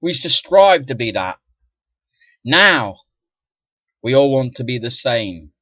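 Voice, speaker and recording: An indignant middle-aged man rants into the camera, cursing freely and swinging between low muttering and loud outbursts. His voice sits at an ordinary pitch. The recording is dull and lo-fi, with a dry, close sound. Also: very animated, takes it slowly, no echo. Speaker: vlogger. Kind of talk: ranting monologue to camera.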